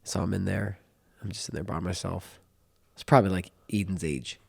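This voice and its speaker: A middle-aged man with a fairly low voice, chatting casually on a church podcast. He tells stories with energy and acts out the voices of the people in them. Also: brisk, vocal fry, slightly rough. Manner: animated storyteller who acts out voices. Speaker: pastor co-hosting a sermon recap.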